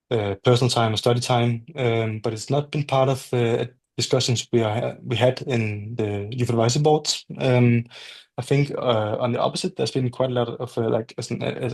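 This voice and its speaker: A man who facilitates a youth advisory board, answering at an online workshop in a halting way with many fillers. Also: medium pitch, darkish tone.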